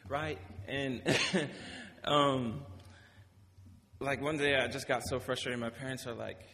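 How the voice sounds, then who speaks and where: A man's voice: medium pitch, fairly even intonation, slow pace, pushed and bright. A young man giving an informal sermon, reading scripture and then telling stories in a casual, rambling way that often corrects itself. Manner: casual, rambling, self-correcting, laughs between points. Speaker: preacher. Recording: long reverb of a hall.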